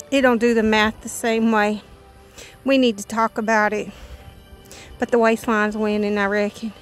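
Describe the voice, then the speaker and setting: High-voiced Southern woman, chatty. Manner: animated, joking, rambling rants. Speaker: paint pouring channel host. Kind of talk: casual chatty monologue.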